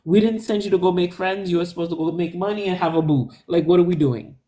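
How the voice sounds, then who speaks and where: A woman of Haitian heritage speaking as a live-stream panelist, ranting in an animated, emphatic way. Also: quick pace. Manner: animated, emphatic, rants with big pitch jumps. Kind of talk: casual chat.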